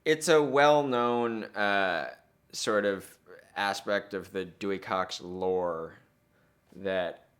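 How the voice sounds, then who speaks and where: A man speaking in a matter-of-fact, resigned way in a deadpan mock interview. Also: fairly low pitch, very slow, smooth.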